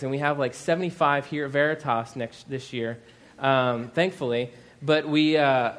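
A pastor in his thirties preaches a sermon, his voice sitting a little high for a man. He talks casually, with frequent fillers and asides to the congregation. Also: a bit bright. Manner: conversational, with many fillers and asides.

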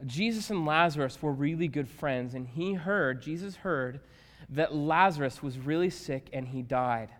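A man preaching a sermon as a pastor, swinging from hushed tones to loud emphatic shouts. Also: on the high side, normal speed. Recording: long reverb of a large hall.

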